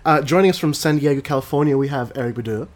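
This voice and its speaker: A man's voice: mid-range voice, very fast. An Australian man hosting a casual gaming podcast, rambling and tripping over his words. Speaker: podcast host.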